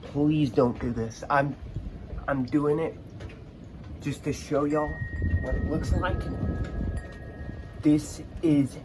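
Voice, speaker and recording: A man's voice: a little high, takes it slowly, long pauses. Awed man filming a storm. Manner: awed, nervous exclamations. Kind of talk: casual handheld vlog narration. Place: outdoors during a thunderstorm with rain. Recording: outdoor phone audio, steady storm noise.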